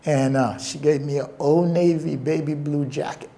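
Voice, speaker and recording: A young man telling a personal story in an interview, earnest and emotional, with halting pauses. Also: on the high side, steady tone, vocal fry, mellow.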